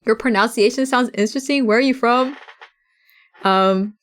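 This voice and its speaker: A woman's voice: a little high, normal speed. A woman from the West Coast of the US, a streamer chatting casually with viewers, reading chat aloud and laughing often.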